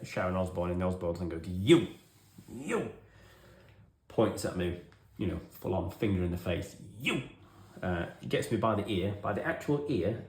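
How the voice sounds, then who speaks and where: An English hobby vlogger in his forties tidies his hobby room while telling a rambling story at his own expense, wry and chatty throughout. He has a low voice, and the recording is reverberant.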